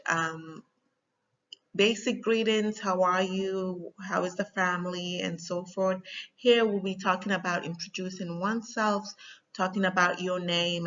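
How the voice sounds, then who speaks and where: A woman teaching a language lesson, explaining slowly and patiently with frequent pauses and ums. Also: fairly low pitch, a bit bright, muffled recording. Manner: patient, slow, with frequent ums and spelled-out examples.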